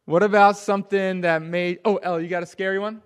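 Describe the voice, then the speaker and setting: A man with a fairly high voice leads a children's sermon. He talks with lively swings in volume, from near shouts down to a hushed murmur. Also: a little fast, clear, resonant tone. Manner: animated, drops to a hush for emphasis. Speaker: pastor.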